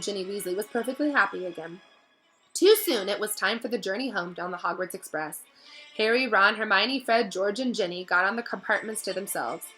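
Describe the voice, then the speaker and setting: A woman reading a novel aloud in a steady storybook narration, now and then stumbling over a word. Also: medium pitch, rough recording. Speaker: reader.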